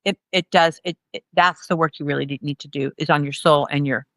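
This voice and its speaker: A woman in her fifties, a guest in an interview, telling candid stories in a rambling, animated way and acting out the dialogue. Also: sits low, a little fast, dry recording. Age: 50s. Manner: rambling, animated, acts out quoted dialogue with laughs.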